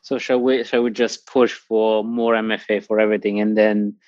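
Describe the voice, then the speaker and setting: A man's voice: lowish voice, flat delivery, moderate pace, darkish tone, no room sound, muffled recording. A man hosting a podcast in casual conversation, asking many rhetorical questions. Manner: inquisitive, with frequent rhetorical questions. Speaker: podcast host.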